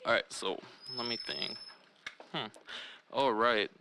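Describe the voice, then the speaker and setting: A young man telling a crude comic story in an unhurried, deadpan way with fillers. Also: mid-range voice, creaky, slight background noise. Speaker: cameraman guest.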